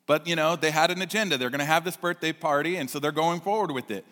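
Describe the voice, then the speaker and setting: A male pastor telling a story in a sermon, with an animated, chatty manner. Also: a little high, fast talker, few pauses, in a large hall.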